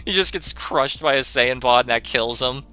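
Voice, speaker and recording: A man's voice: mid-range voice, moderate pace, bright, forceful tone, smooth. A young man streaming a game, answering chat in a sarcastic, profane way and laughing often.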